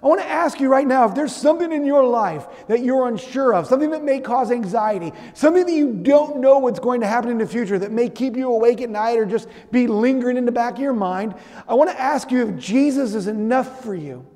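A man's voice: very high voice, brisk, a little mellow. A middle-aged man preaching a sermon as a pastor, conversational and storytelling, asking listeners direct questions. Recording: long reverb of a hall.

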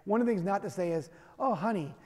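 A man's voice: sits high, rapid-fire, darkish tone, in a large hall. A man preaching a sermon in a conversational, emphatic way, with self-deprecating humor. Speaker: pastor.

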